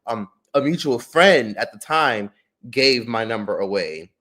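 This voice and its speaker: Man, streamer, mid pitch, casual storytime, animated, swears a lot, lots of "like" fillers. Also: a little slow. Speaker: streamer and drama commentator.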